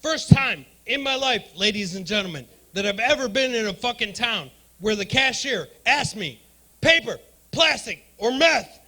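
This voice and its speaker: Brash high-voiced comedian, bright and loud. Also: male voice, expressive, normal speed, hardly any pauses. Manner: brash, profane crowd work. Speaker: stand-up comedian. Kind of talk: stand-up comedy set. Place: comedy club stage.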